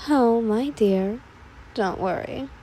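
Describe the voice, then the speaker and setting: A woman voicing a calm, commanding goddess who speaks in a slow, purring, indulgent manner. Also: a little high, husky, low-quality recording.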